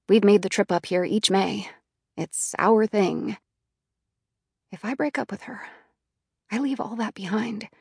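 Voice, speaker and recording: A woman reading a first-person audiobook in a quiet, inward, subdued manner. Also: medium pitch, vocal fry, slightly rough, dry recording, clean studio sound. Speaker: audiobook narrator.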